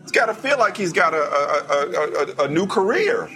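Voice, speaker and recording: A man hosting a sports talk show, debating with his co-host in a casual, animated way, often repeating himself as he talks. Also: a little high, moderate pace, faint music behind.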